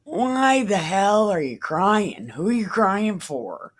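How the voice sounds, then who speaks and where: A woman's voice: mid-range voice, animated, slow pace. A woman voicing Jesus as a blunt, slangy, impatient man during a casual Bible reading.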